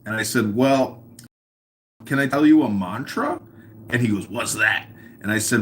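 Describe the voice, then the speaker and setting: A man's voice: on the low side, brisk, slight background noise. A man chatting casually in an online audio room, rambling and provocative, telling anecdotes with a playful edge. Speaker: guest on an audio chat room. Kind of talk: casual chat, storytelling.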